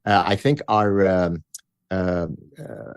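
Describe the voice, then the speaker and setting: A man's voice: deep voice, takes it slowly, smooth, dry recording, studio quality. A middle-aged man from Canada, a guest author, talking in a blunt, frank way and often restarting his sentences. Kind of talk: casual interview chat.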